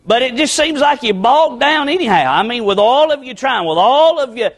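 A man preaching in a very high voice for a male speaker. His manner is folksy and plainspoken. He repeats his phrases and tags "amen" onto his points as he talks to the congregation. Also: lively intonation, moderate pace. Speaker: pastor. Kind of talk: folksy conversational sermon. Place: church sanctuary with a congregation.

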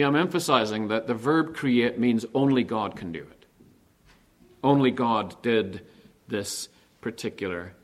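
A pastor delivers a sermon in an animated style, his voice at a medium pitch. He poses rhetorical questions and slows down to lean on key words.

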